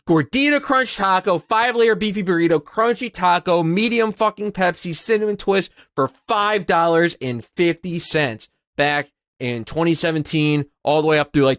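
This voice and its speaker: A man co-hosting a comedy podcast, ranting with heavy profanity and lurching between flat grumbles and shrill mocking voices. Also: moderate pace, no room sound, clean studio sound. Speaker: podcast co-host. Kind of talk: casual comedic rant.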